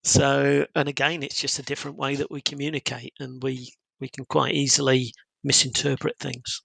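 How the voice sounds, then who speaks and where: A man's voice: medium pitch, little pitch movement, moderate pace, creaky, bright, forceful tone, husky, dry recording, rough recording. A man in a casual podcast conversation, upbeat and chatty, with many fillers.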